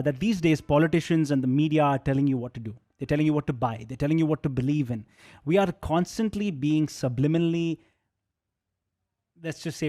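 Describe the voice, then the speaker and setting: A male radio jockey walks listeners through songs in a loose, conversational way. His voice sits a little high and sounds soft and mellow. He keeps asking rhetorical questions as he explains. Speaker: radio jockey hosting a music session. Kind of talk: casual music presentation.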